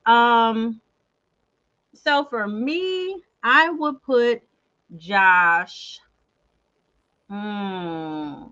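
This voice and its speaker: A woman hosting a casual chat show, animated and chatty, talking straight to her viewers. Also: on the high side, very slow, pauses often, lo-fi sound. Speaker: host.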